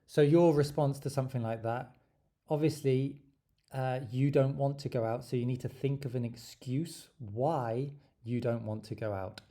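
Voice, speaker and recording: A man giving an exam tips lesson, lively and stressing his words. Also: mid-range voice, moderate pace. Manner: lively, stresses words, acts out sample dialogue. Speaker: English teacher.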